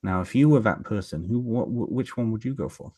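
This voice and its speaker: A man's voice: lowish voice, a little fast, mellow, no echo. A man, a podcast guest, casually telling folk tales in a rambling way with many fillers and restarts. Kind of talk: casual storytelling in an interview.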